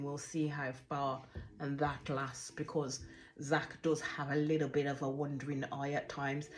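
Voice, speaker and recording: Her voice low-pitched and somewhat dark, a woman hosts a casual reaction review of a reality TV show. She's animated, swears freely, and frequently trails off before starting sentences over.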